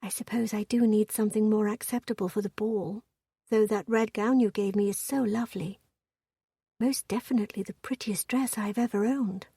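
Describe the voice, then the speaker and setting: A woman voicing a timid, sheltered young noblewoman who speaks softly, half in a whisper, in a storybook reading. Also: medium pitch, fairly even intonation, normal speed, husky, no echo, studio quality. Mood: shy.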